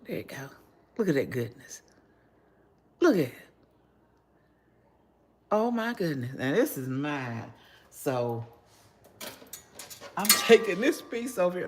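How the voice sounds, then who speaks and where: An older woman chats her way through a cooking livestream, homey and talkative. She takes her time, and her pitch rises and falls a lot as she goes. She talks straight to her viewers through a phone. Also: very animated, slow pace, pauses often. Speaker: cooking channel host. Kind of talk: casual cooking livestream chat.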